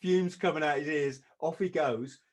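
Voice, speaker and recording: A man, a podcast guest, telling a story in a lively way, often laughing and acting out what others said. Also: on the high side, moderate pace. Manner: lively, acts out quoted voices, laughs often.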